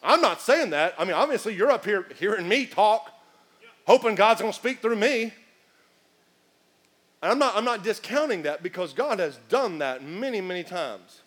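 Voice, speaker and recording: Male preacher, high and bright, animated delivery. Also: moderate pace, slightly rough. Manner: animated preaching with acted asides and shouts. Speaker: pastor. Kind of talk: sermon.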